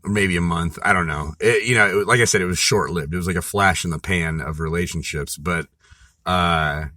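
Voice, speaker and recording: A man with a deep, low-pitched voice tells a rambling personal story in a loose, profane way, stacking fillers and restarts as he goes. His tone is bright and forceful, and the recording is dry and close, with little room sound. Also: normal speed, no room sound. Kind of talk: casual storytelling monologue.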